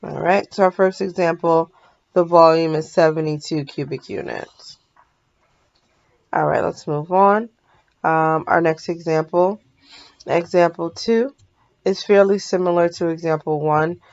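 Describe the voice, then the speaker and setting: A woman's voice: sits low, a little slow, gravelly, darkish tone, dull audio. A woman math teacher talking through a recorded lesson in a sleepy, yawning, casual way, often stopping to apologize and correct herself.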